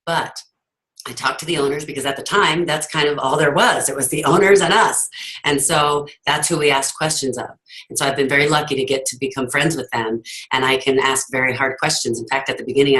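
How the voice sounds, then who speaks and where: A woman's voice: a bass voice, a bit bright, low-quality recording. A woman giving an earnest, emphatic motivational talk over a video call, telling her story to her team. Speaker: team leader hosting a call.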